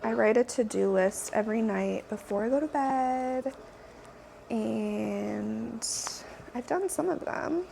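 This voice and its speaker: Speaking into a clip-on microphone, a woman who vlogs and runs a small business chats through her day at home and on a walk, cooing at her dogs. Her fairly high voice is slow, gravelly and dark, with slight background noise behind it.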